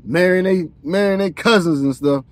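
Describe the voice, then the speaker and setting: Reading scripture on his podcast, this man keeps a plain delivery but sometimes stumbles over words and stops to toss in slangy asides. His voice is high and moderately paced, recorded dry.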